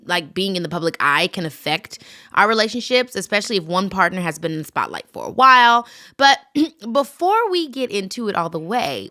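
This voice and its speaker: A woman host in her thirties leading a casual interview, lively, playful and full of slang. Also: medium pitch, dry recording, studio quality. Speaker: podcast host.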